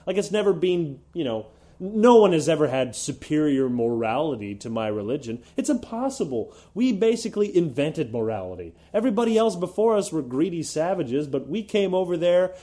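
A man rants on a podcast with sarcastic energy, dropping swear words and slipping into mocking voices. His pitch leaps around a lot, though his tone stays mellow and dark. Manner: animated, sarcastic, mocks others in put-on voices; swears freely. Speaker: podcast co-host. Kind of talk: casual opinion rant.

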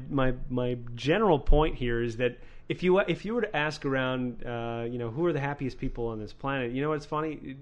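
Profane ranting podcast host, a man. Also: mid-range voice. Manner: ranting, profane, many restarts. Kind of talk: casual podcast chat.

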